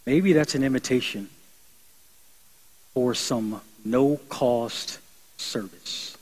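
A young adult man preaching to his church in an earnest, conversational way. His delivery swells into emphatic, lifted phrases and then drops back to a quieter, reflective tone. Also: mid-range voice, takes it slowly, long pauses, slightly rough, poor audio. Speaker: pastor. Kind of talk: sermon.

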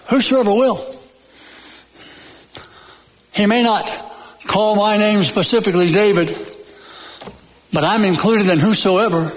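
A male pastor delivers a sermon in a high voice, taking his time and leaning on repeated phrases with long dramatic pauses. He slips in folksy jokes between points. The sound rings with the long reverb of a church sanctuary. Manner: folksy and joking.

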